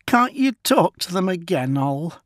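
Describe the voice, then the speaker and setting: A man voicing a desperate young refugee mother, pleading in a high, tearful voice. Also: sing-song, a little slow, dry recording, clean studio sound.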